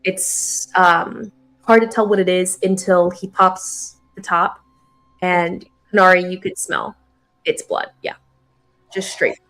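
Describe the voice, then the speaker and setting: A woman's voice: lowish voice, little pitch movement, takes it slowly, fairly bright tone, faint music behind. A woman running a tabletop game as game master, chatty and giggly, with many fillers and restarts.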